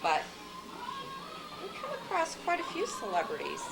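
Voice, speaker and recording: A woman's voice: extremely high pitch, huge pitch swings, normal speed, vocal fry, poor audio. A woman hairstylist telling chatty stories about her clients. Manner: chatty storyteller. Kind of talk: casual anecdotes to camera. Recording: loud music behind.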